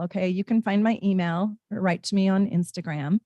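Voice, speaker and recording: A woman's voice: mid-range voice, steady tone, brisk, few pauses, dark tone, dry recording, clean studio sound. A woman hosting a live-stream tarot reading, chatting in a bubbly way with viewers and reading their comments aloud.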